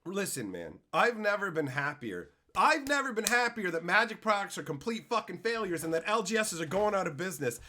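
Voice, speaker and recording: A man live-streaming a card pack opening, reading chat and going off on loud, profane, mock-angry rants. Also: high-pitched, very animated, a little fast, few pauses.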